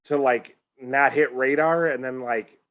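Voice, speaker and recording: A man's voice: medium pitch, steady tone, unhurried, a bit bright. A man co-hosting a casual watch-along chat, talking loosely with lots of fillers and swearing. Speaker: co-host reacting to a war series.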